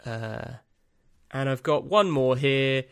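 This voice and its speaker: A man's voice: medium pitch, slow, a bit bright, smooth, no echo. A man hosting a podcast, reading out a list in a rambling, dry, self-amused way with lots of ums and uhs. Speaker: podcast host. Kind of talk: casual solo podcast monologue.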